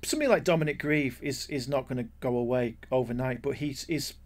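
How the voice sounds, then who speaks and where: A man's voice: mid-range voice, fairly quick. A man co-hosting a podcast, giving blunt opinions with dry jokes and repeating words as he thinks. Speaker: podcast co-host. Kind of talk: casual chat.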